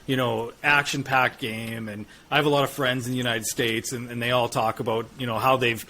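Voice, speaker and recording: A man's voice: medium pitch, level tone, brisk, pushed and bright. A man from northern Canada hosting a podcast, talking in a rambling, friendly way with many fillers. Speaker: podcast host. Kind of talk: casual interview chat.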